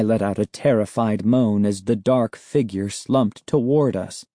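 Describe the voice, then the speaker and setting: A man narrating a children's novel in a slow, measured storytelling manner. His voice is mellow and warm, recorded close and dry with no room sound. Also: lowish voice, no echo. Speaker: audiobook narrator. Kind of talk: scripted narration.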